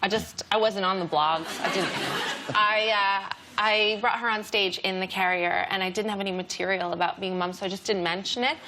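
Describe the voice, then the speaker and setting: A woman comedian in her thirties, chatting on a talk show with deadpan jokes. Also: medium pitch, fairly quick. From Canada. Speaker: comedian guest.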